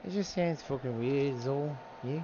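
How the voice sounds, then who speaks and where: A man's voice: medium pitch, normal speed. A man chatting casually to himself while cooking, drawling and swearing as he goes. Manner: drawling, profane, talks to himself. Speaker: gaming streamer. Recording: dull, noisy home recording.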